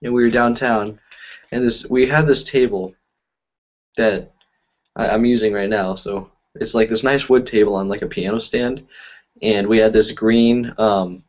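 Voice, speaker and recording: A man's voice: fairly low pitch, fairly even intonation, unhurried. A man who is a magician, chatting casually on a live stream and telling rambling stories full of fillers. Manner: rambling, filler-heavy storytelling. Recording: dull lo-fi audio.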